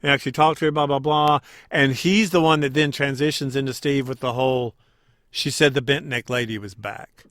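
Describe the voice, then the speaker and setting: A man co-hosting a podcast, chatting casually as he recaps scenes and acts out quick quoted lines. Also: medium pitch, steady tone, a bit bright, no echo, clean studio sound. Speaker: podcast co-host.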